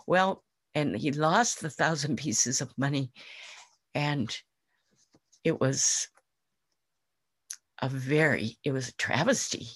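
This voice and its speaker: Slow, breathy woman telling a fable. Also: deep voice, dry recording, studio quality. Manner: gentle, unhurried storytelling. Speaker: Zen teacher. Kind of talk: dharma talk storytelling.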